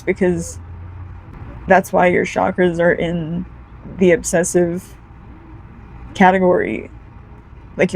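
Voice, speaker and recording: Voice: medium pitch, vocal fry, darkish tone, slight background noise, poor audio. A card reader giving a casual, heartfelt pick-a-card energy reading, talking straight to the viewer.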